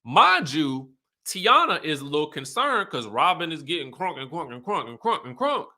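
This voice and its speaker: A man hosting an online show, recapping in animated, chatty talk with emphatic asides. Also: fairly high pitch, normal speed. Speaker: YouTube host recapping reality TV. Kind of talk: casual chat.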